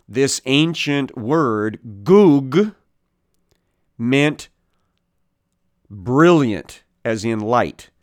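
Slow, deliberate man teaching Bible. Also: medium pitch, a bit bright, smooth, dry recording, clean studio sound. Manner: slow and deliberate, many pauses and "uh" fillers; explains word origins, corrects himself mid-sentence.

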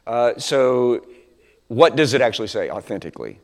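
A man's voice: medium pitch, animated, moderate pace. A man preaching a Bible teaching sermon in a conversational way, asking rhetorical questions and acting out quotes. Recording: long hall reverb.

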